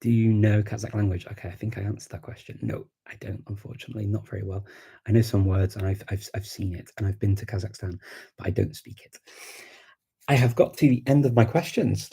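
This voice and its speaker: A man's voice: fairly low pitch, fairly quick, vocal fry, mellow, breathy edge. A man with a Scouse accent from Liverpool, rambling casually through a live-stream Q&A and reading viewer questions aloud. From Liverpool, England. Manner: chatty and rambling, with many fillers and restarts. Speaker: language-learning streamer answering viewer comments.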